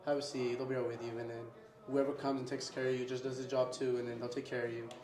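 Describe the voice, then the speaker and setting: Inside his restaurant, in an echoey room, a young owner talks quickly with a flat delivery and a mid-range, darkish voice. The interview is casual; he drops "bro" repeatedly and acts out small scenes with his customers.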